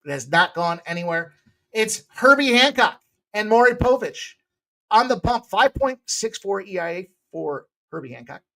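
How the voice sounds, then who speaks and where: A man's voice: sits high, moderate pace. Jokey man giving betting picks. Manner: loose, jokey and self-mocking, with bursts of loud excitement. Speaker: sports betting picks host. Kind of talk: casual sports betting talk.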